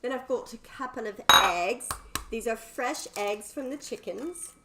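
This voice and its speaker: A woman's voice: fairly high pitch, measured pace, very noisy. A bubbly, chatty woman hosts a live cooking stream from her home kitchen and talks to her viewers. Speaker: cooking livestream host.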